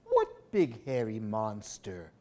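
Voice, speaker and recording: A man doing a kind young bear, gentle and earnest. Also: fairly low pitch, huge pitch swings, slow, voice pushed down, heavily acted. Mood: whispering.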